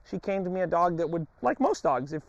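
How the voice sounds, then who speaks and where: An American man working as a dog trainer, explaining a training session and giving sharp commands to his dog, recorded on a lapel mic. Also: high-pitched, a little fast, dry recording, highs cut off. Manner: barks short loud commands to a dog between calm explanations. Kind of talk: training demonstration with commentary. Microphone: wired lapel mic.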